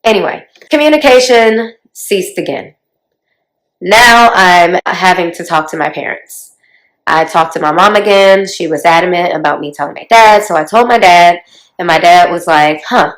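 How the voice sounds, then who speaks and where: Woman, forties, slightly low voice, chatty, confiding, casual storytelling vlog. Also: normal speed, rough recording. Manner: chatty, confiding, talks straight to viewers. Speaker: vlogger telling her life story.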